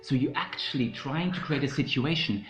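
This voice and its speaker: A man's voice: mid-range voice, moderate pace, a bit bright. A man hosting a comedy podcast, giving a mock self-help lecture and rambling with "you know" and "okay?". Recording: roomy, dull sound with faint music.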